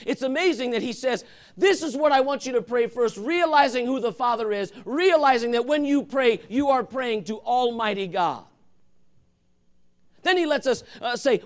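A male pastor preaching a sermon, swinging from loud calls to hushed, intimate asides. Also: extremely high pitch, lively intonation, moderate pace.

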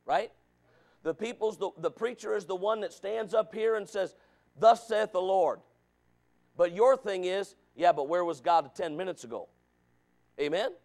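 A man preaching a sermon, asking the congregation questions and calling for amens, dropping to low asides and rising to shouted points. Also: gravelly. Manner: preaching with rhetorical questions and calls of amen.

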